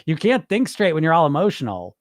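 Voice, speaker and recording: A man's voice: fairly high pitch, huge pitch swings, quick pace, no room sound, clean studio sound. A middle-aged man hosting a weight-loss podcast, talking casually and bluntly, swearing freely as he coaches listeners and mimics panicked dieters. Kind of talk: casual live-stream coaching talk.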